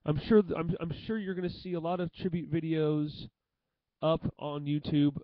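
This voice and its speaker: A young man talking to the camera in an emotional tribute monologue, halting and often repeating himself. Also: on the high side, fairly even intonation, dry recording, lo-fi sound. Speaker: vlogger.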